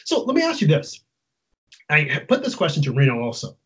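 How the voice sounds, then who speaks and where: A man's voice: a little high, wildly swooping pitch, fairly quick, fairly bright tone. A man hosting a casual interview, talking emphatically and putting exasperated questions to his guest. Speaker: interview host. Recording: dull lo-fi sound.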